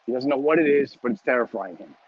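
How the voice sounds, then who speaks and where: Walking home outdoors, a comedian hosts his weekly live chat, reading viewer comments into his phone and sounding a bit winded. His mid-range voice is expressive, fast and husky, captured lo-fi with no room sound, and he rambles, jokes and chats.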